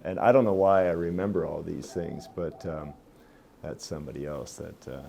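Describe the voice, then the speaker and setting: A man's voice: a bass voice, moderate pace, gravelly, mellow, slight background noise. A man, a bishop, giving a casual spoken reflection, chatty and anecdotal, who acts out voices when he tells a joke.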